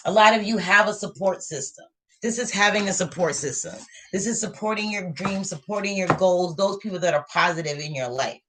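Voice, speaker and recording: A woman's voice: medium pitch, brisk, background noise. A woman giving a live tarot reading to viewers, talking in a motivational way and repeating her points for emphasis. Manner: repetitive, motivational, affirming. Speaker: tarot reader.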